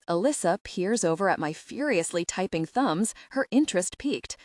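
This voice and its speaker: A woman narrating a first-person romance audiobook in a wry, expressive way. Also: on the low side, moderate pace, no room sound, clean studio sound.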